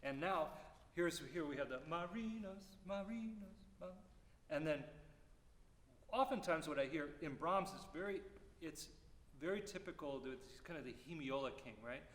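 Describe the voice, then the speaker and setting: A man's voice: on the high side, moderate pace. Man singing rhythms in echoey hall. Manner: sings rhythms aloud with lively vocables. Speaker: percussion clinician. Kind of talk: music masterclass explanation. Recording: roomy hall reverb, faint noise.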